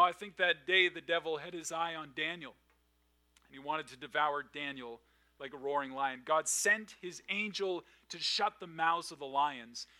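A man preaching a sermon, swinging from loud emphatic lines to hushed, quiet asides. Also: fairly high pitch. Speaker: pastor.

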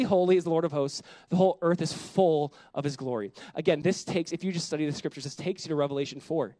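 Male pastor, sermon, quick delivery, high voice, dry close sound, animated, rhetorical questions. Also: no room sound. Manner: drops to a soft, quiet voice on reflective lines.

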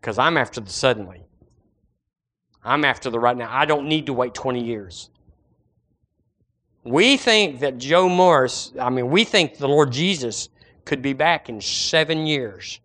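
A man preaching a sermon as pastor, animated and acting out the voices of his listeners. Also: medium pitch, unhurried, pauses often.

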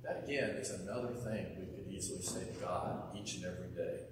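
Man, preacher, sermon, earnest conversational delivery, hushed phrase endings, roomy hall, faint background noise. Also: deep voice, fairly quick. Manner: earnest, conversational preaching that drops to a soft hush at phrase ends. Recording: echoey hall, mic from far off.

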